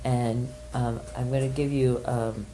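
Soft-spoken older woman with a low voice. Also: steady tone, noisy background. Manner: gentle, hesitant, many pauses and fillers. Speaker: workshop leader. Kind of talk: guiding a group exercise and sharing a personal story.

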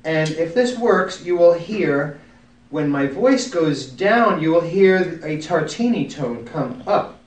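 A man's voice: fairly high pitch, animated, slow. Genial man speaking from across a room. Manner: genial, self-deprecating humor. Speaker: musician giving a demonstration. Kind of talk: informal group talk with demonstration. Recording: roomy, from a distance.

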